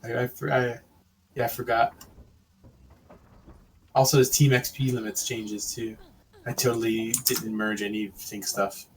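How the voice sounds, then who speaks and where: Man, mid pitch, stammering, sheepish, faint noise behind. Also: flat delivery, normal speed, pauses often. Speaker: game developer. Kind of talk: casual voice chat.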